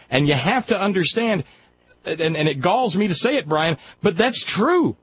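A man's voice: a little high, animated, a little fast, slight background noise. A man hosting call-in talk radio, speaking in an impassioned, emphatic way and often restarting his sentences. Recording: dull lo-fi radio broadcast.

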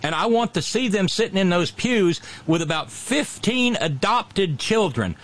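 Southern-accented radio host, man, fairly high voice, lively swings in pitch, salty and restless. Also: measured pace. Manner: profane, animated, repeats words when starting. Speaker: radio talk show host. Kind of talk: political talk radio.

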